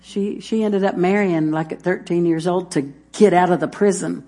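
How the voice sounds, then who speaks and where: A woman's voice: on the low side, fairly even intonation, normal speed, mellow. Woman preacher, emphatic, repetitive delivery, addresses the congregation directly. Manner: emphatic, repeats phrases, talks straight to listeners. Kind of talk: sermon.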